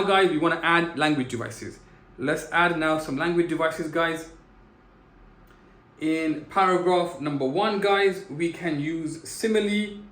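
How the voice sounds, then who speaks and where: A man teaching an exam-prep English lesson, talking directly and calling his students "guys" as he slows down to stress key words. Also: on the high side, reverberant. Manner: direct, repeats "guys" often, drawn-out emphasis on key words. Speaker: English tutor.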